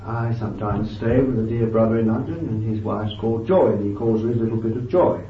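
A man preaching a sermon with fervent emphasis, moving between loud bursts and quiet asides, thinking aloud with restarts and "you see.". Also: lowish voice, brisk, recorded from a distance, a little hiss or hum. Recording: dull, lo-fi, echoey and off-mic.

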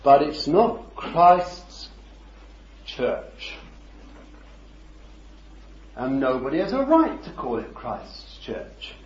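A man's voice: medium pitch, wildly swooping pitch, drawn-out words, pauses often, darkish tone. A man preaching a sermon, talking conversationally and peppering it with rhetorical questions and chuckles. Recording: roomy, dull lo-fi recording.

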